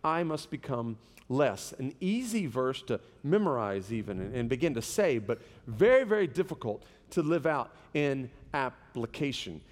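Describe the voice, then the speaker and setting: A man, a pastor, preaching a sermon with animated, humorous storytelling. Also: medium pitch, normal speed, big-room sound.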